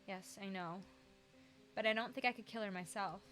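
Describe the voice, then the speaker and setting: A woman hosting a let's play, reading a visual novel's narration and lines aloud and chatting with a friend, animated with dry sarcastic asides. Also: mid-range voice, moderate pace, faint music behind. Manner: animated, laughs often, breaks into dry sarcasm.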